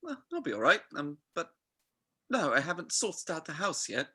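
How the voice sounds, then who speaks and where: A man reading the part of a distracted grieving son, halting in an amateur script reading. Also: a little high, big pitch swings, pushed and bright, breathy edge, heavily acted.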